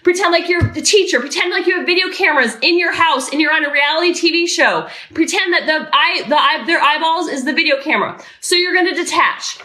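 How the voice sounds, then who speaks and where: A middle-aged woman and podcast host, coaching parents in an energetic, emphatic way and repeating her key phrases. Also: very high voice, fairly quick, hardly any pauses, reverberant.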